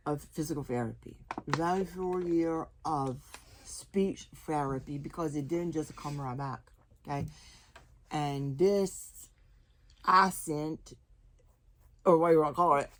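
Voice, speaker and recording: Give me a young woman with a lowish voice sharing a funny personal story, stopping and restarting often. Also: a little hiss or hum. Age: young adult. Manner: animated, laughing often, halting restarts. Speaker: guest sharing her testimony.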